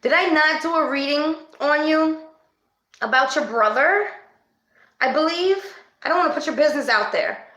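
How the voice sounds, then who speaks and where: Excitable high-voiced woman in an echoey room. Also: normal speed. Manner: chatty, excitable, calls viewers babes. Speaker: psychic reader. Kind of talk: casual livestream spirit session.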